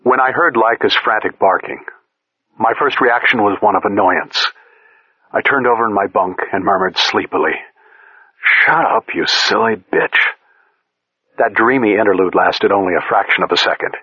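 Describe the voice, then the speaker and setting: A man narrating a first-person short story in a measured, deliberate reading voice, on a dull lo-fi recording. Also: lowish voice, slightly rough, no room sound. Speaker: audiobook narrator.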